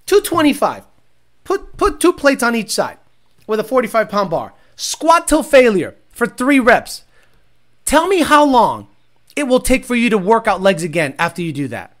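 A man's voice: very high-pitched, very animated, normal speed. Man ranting profanely on a livestream. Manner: profane, blunt, bursts into loud shouting. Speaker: livestream host reading chat. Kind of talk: casual ranting chat.

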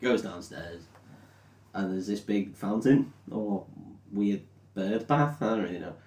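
Brief: tipsy podcast host, giggly and sweary, roomy echo, a bit off-mic. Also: male voice, lowish voice, a little mellow, recorded from a distance. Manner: laughs often, swears, acts out characters in quick voices. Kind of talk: drunken comedic film recap.

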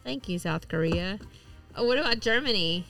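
A woman's voice: mid-range voice, animated, normal speed, vocal fry, a bit bright, soft background music. A woman co-hosting a podcast in casual, chatty talk, swearing freely and laughing often. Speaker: podcast co-host. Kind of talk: casual chat.

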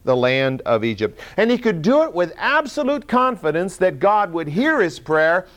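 A man preaching a sermon in a conversational way, with small laughs and restarts, swinging between loud emphasis and quiet asides. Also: high voice, sing-song, normal speed. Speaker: pastor.

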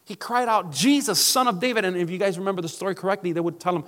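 A man's voice: high-pitched, fast, few pauses, a bit bright, in a large hall. A male pastor preaching a sermon emphatically, calling out to his congregation.

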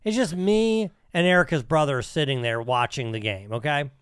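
A man's voice: fairly high pitch, moderate pace, fairly bright tone, smooth, no echo, studio quality. A man co-hosting a podcast, telling a profane story in casual chat and laughing often. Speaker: podcast co-host.

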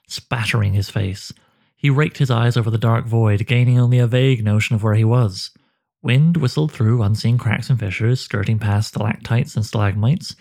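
A man narrating a dark fantasy story in a slow, measured way. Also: mid-range voice.

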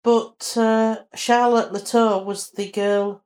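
A woman co-hosting a casual book chat, retelling scenes in a chatty, animated way. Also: fairly high pitch, slow. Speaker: podcast co-host.

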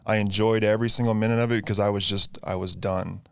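A young man shares his recovery story as a guest in casual conversation, speaking earnestly but haltingly and restarting his sentences often. His voice is fairly low and creaky, with fairly even intonation and a clean, slightly bright tone.

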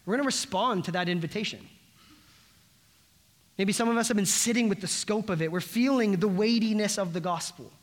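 A young pastor with a notably high voice delivers a sermon. He speaks earnestly and drives his points home with rising, repeated phrases. He sounds like he is in front of a congregation. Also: brisk. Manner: earnest preaching with rising emphatic repetitions.

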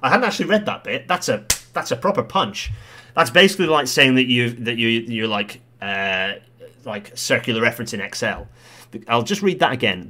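A man's voice: medium pitch, animated, moderate pace, sharp tone. A Scottish man doing live commentary, reading a report aloud and reacting with exclamations as he answers viewer comments. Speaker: livestream commentator on transport policy.

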